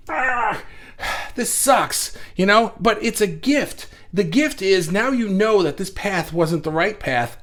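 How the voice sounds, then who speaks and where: A man hosting a casual livestream, talking loudly and with energy about acceptance and greeting viewers by reading their comments aloud, speaking into a desk mic set well back from him. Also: high-pitched. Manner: loud, animated, reads viewer comments aloud. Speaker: livestream host. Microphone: desk mic kept at a distance without pop shield.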